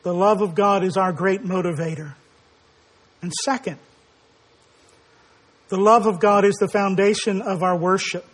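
A man preaching a sermon, emphatic and rising to forceful declarations, acting out quoted dialogue as he tells a story. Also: high-pitched, steady tone, measured pace, long pauses.

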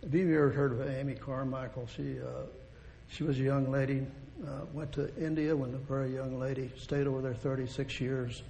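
A man's voice: flat delivery, normal speed, gravelly, dark tone. A man preaching a sermon in a folksy, rambling way, restarting phrases and chuckling as he goes. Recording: long hall reverb, faint rumble.

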